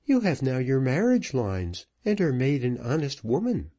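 A man's voice: medium pitch, huge pitch swings, normal speed, mellow, highs cut off, pitched above the performer's own voice. A man reading a novel aloud, voicing a blunt, teasing woman married to a sailor. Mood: coaxing. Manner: blunt, teasing, salty talk. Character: brisk outspoken woman, sailor's wife.

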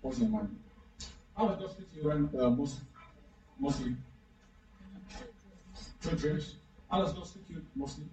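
A man's voice: fairly high pitch, expressive, a little slow, pauses often, mellow. Male pastor, interactive sermon, keeps pressing the congregation with questions; echoey hall, dull sound. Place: church hall. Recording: echoey, distant, dull room recording.

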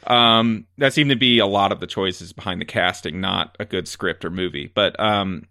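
A man co-hosting a casual movie review chat, ranting in an animated way and filling his talk with "like". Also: low-pitched, moderate pace, dry recording, studio quality. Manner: animated ranting, filler-heavy. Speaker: podcast co-host.

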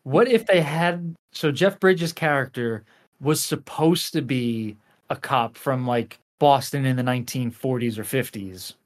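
A man's voice: medium pitch, measured pace. A man co-hosting a casual movie podcast, joking and often repeating words as he restarts. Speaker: podcast co-host.

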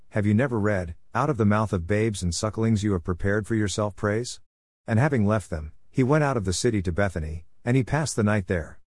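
A man reading scripture aloud in a steady, even way, reading the quotes in the same voice. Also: fairly low pitch, dry recording, clean studio sound. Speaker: scripture reader.

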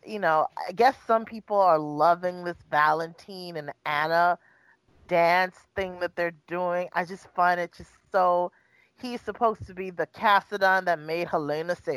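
A woman's voice: lowish voice, a little slow, clean tone, dry recording, rough recording. A woman chatting as a podcast co-host, exasperated and sarcastic, often voicing other people's lines. The sound is dry, with no room around her voice. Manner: exasperated, sarcastic, acts out quotes. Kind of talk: casual chat.

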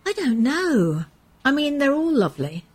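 A woman's voice: sits high, sing-song, moderate pace. An older woman from England chatting casually as an interview guest, telling anecdotes with lots of fillers and restarts. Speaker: soap actress guest.

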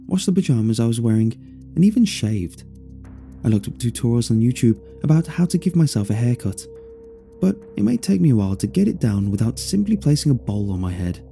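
A man narrating a first-person story in an expressive, dryly amused way. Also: lowish voice.

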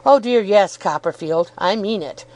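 In a lightly acted audiobook reading, a woman voices a cheerful young law student with a good sense of humour who chuckles and downplays herself. Her mid-range, darkish voice is animated but measured in pace. The recording quality is low.

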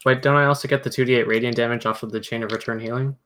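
Woman, tabletop player, very low pitch, casual, questioning. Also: steady tone, very fast, fairly bright tone, a little hiss or hum. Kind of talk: casual tabletop game play.

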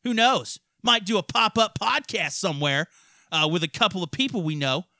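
A man hosting a casual podcast from his studio, ranting and swearing constantly with loud outbursts. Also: high voice, lively intonation, normal speed, no room sound. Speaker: podcast host. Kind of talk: profane ranting podcast chat.

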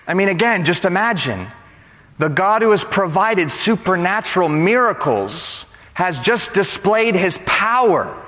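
A man preaches with a fairly high voice, moving from light joking to hushed, earnest retellings of scripture. His voice carries a long echo, as if he is in a large sanctuary. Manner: animated, joking, then earnest and hushed when quoting scripture. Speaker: pastor. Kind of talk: sermon. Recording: reverberant hall.

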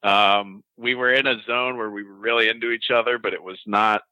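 A man telling an interviewer a story in a casual, animated way, laughing at himself. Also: lowish voice, brisk, dry recording, low-quality recording. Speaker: interview guest.

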